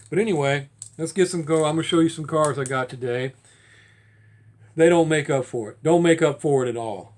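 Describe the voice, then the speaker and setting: A man with a drawl chats to camera in a hobby vlog. His voice sits a bit high for a man. He rambles, restarts his sentences and grows heated the longer he talks. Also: a little fast, a little mellow. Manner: rambling, repeats and restarts, gets heated and fired up. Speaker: diecast collector vlogger. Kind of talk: casual vlog talk to camera.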